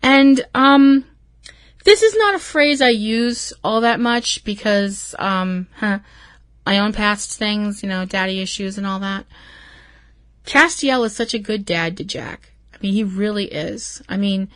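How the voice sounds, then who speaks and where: A woman's voice: medium pitch, unhurried, dry recording. A woman hosting a podcast, recapping an episode in a rambling, emotional way with plenty of swearing. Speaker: podcast host.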